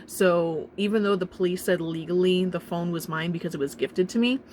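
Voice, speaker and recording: A young woman telling a painful personal story in a halting, emotional way, with nervous laughs and restarts. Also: fairly low pitch, darkish tone, a little hiss or hum. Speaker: vlogger telling her own story.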